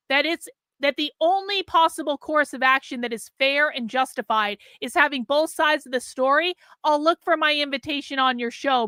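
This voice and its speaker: A woman host delivering blunt, sarcastic reaction commentary on a livestream. Her voice is high-pitched and bright, with a pointed, incredulous edge. The sound is dry and close. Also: no echo.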